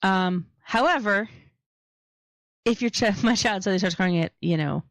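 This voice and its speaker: Gravelly Philadelphia woman chatting casually. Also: medium pitch, moderate pace, dry recording. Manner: chatty, joking, laughs often. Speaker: podcast co-host. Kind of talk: casual chat.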